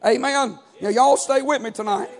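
A man preaching a sermon as pastor, with a chanting cadence broken by frequent "amen" and "uh". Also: normal speed. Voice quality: high-pitched for a man.

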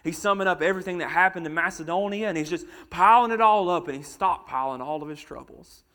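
A man preaching a sermon, dropping quiet and then rising loud, stretching words out for emphasis. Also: sits high, quick pace.

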